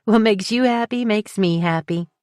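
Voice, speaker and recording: In a studio-quality, dry recording, a woman plays a cheerful, petite wedding planner with a southern drawl, bubbly, chatty, upbeat and eager to please. Her medium-pitched, darkish voice moves at a moderate pace, lightly acted and pitched above her own.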